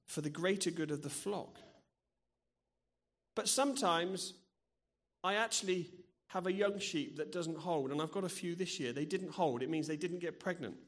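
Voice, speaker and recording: A man's voice: a little high, fairly bright tone. A middle-aged man preaching in a church, earnest and personal, sharing stories from his own life. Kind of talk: sermon.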